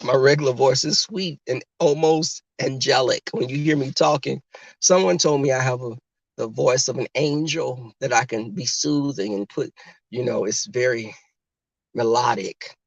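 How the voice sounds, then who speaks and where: Man hosting a casual car livestream, talking straight to the chat, mid pitch, slightly muffled dry audio. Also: normal speed, gravelly, no room sound. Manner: chatty, talks straight to the chat. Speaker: livestream host chatting with viewers.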